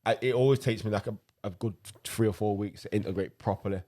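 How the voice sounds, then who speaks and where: Deep fast-talking keeper. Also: male voice, mellow. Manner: halting, repeats words and restarts. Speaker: podcast co-host, goalkeeper. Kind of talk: casual chat.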